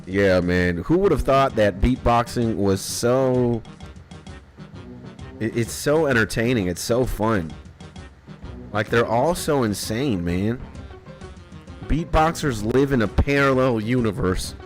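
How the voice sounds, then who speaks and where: A man's voice: mid-range voice, expressive, slow, pauses often. A man chatting casually on a live gameplay stream, rambling, laughing often and swearing now and then. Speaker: game streamer. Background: faint retro game music.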